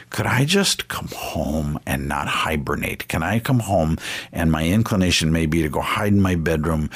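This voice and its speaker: A middle-aged man co-hosting a radio talk show, telling lively self-mocking family stories in a conversational way. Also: low-pitched. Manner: animated storyteller, self-mocking humor. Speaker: radio host, family ministry leader.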